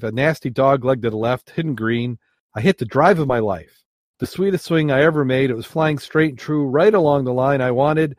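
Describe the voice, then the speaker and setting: A man's voice: mid-range voice, no echo, clean studio sound, lightly acted. A man voicing a frustrated nun who recounts her golf game. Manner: exasperated, storytelling. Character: frustrated golfing nun, a woman.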